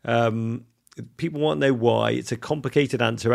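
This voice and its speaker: An English man co-hosting a podcast with a strongly gravelly, fry-laden voice. He tells stories with effusive enthusiasm, stumbling and restarting as he goes, over faint music. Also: medium pitch, moderate pace. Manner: animated, effusive storytelling with frequent restarts. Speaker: podcast co-host. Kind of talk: casual podcast chat.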